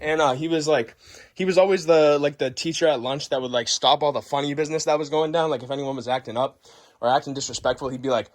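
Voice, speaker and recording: A young man who talks very fast and sits a bit higher in pitch than most men. He tells his story boisterously, swearing constantly and acting out every move. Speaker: vlogger. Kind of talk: profane comic storytelling.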